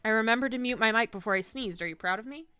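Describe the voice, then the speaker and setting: A woman streaming a game from home on a desk microphone, chatting casually and ranting with animated disgust. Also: fairly high pitch, rapid-fire, clear, resonant tone, no echo, faint music behind. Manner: animated, says 'ew' and 'icky' with disgust, ranting. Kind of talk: casual gameplay stream chat.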